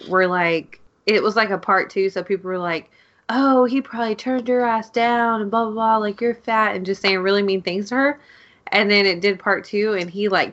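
A woman's voice: fairly low pitch, a bit bright, muffled recording. A young woman co-hosting a casual podcast, telling stories in a rambling, giggly way with lots of fillers. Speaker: podcast co-host. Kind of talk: casual chat.

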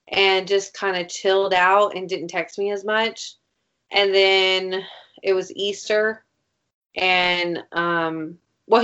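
A woman's voice: mid-range voice, a bit bright. A young woman in casual chat, telling a story in a rambling way, full of "like" and swearing. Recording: dull lo-fi recording.

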